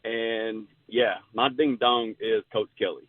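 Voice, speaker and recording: Guy calling in, low voice, sounds like a tinny phone line. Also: fairly even intonation, slow, dry recording. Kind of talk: casual sports talk.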